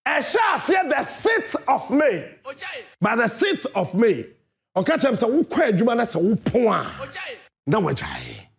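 A Ghanaian man tells his story with a very high voice. His pitch swings widely as he shouts and acts out other people's lines. He sounds like a seasoned radio host. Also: gravelly. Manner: emphatic, often shouting and mimicking others. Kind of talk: animated storytelling monologue.

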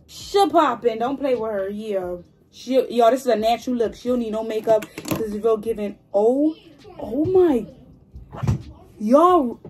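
A woman in her twenties chatting excitedly to her viewers in a hair vlog, gushing and talkative. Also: fairly high pitch. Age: 20s. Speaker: hair vlogger. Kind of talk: casual chat to viewers. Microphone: phone.

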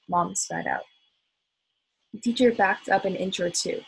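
A woman reading a children's novel aloud, expressive, with small slips and restarts. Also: on the low side, measured pace, gravelly, slightly rough, poor audio. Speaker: volunteer reader.

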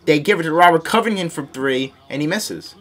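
Excitable young man with a high voice. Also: brisk. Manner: excitable, yells and laughs at big plays; self-mocking, scolds his teammates. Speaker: gaming YouTuber. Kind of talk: live gameplay commentary.

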